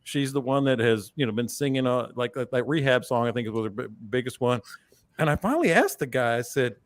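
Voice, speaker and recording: A man hosting a fishing podcast, telling a story in a relaxed, chatty way with lively jumps in pitch for emphasis. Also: fairly quick, no echo, studio quality. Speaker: podcast host. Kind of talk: casual storytelling chat.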